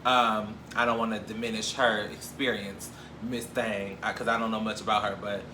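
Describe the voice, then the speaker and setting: A show host with a fairly low voice runs a casual gossip show, speaking at normal speed in an animated, jokey, profane way and acting out what people said. The room is echoey with faint ambience and a noisy background.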